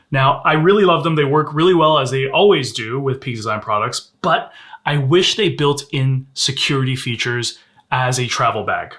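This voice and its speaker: A man's voice: mid-range voice, sharp tone. A man reviewing a sling bag in a casual, candid way, showing its features as he talks. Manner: conversational, candid, demonstrating gear on camera. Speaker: gear reviewer.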